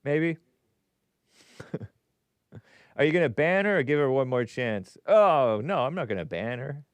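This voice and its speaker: A man's voice: medium pitch, expressive, measured pace, clean tone, dry recording. A man hosting a casual livestream show, reading viewer messages aloud and answering them in a chatty way, laughing often and muttering asides under his breath.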